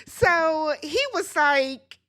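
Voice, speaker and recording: A woman's voice: high voice, extremely slow, fairly bright tone. A woman in her thirties giving a casual, sassy recap of a reality show and acting out quotes in exaggerated voices.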